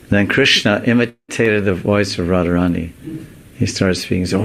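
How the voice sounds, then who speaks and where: A monk teacher giving a devotional sermon in slow, deliberate, animated storytelling. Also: male voice, low-pitched, low-quality recording.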